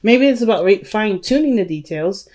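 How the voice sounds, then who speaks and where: A woman's voice: mid-range voice, animated, brisk, darkish tone. A woman giving a casual tarot reading to her viewers, chatty and emphatic, often saying "you know" and "right?". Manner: addresses viewers as "family" and "y'all". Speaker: tarot reader.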